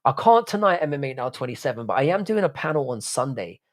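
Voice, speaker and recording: A man's voice: medium pitch, very animated, fast talker. A man with a strained throat hosting a livestream, reading out chat and bantering back in a laddish, sweary way. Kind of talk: casual live stream chat.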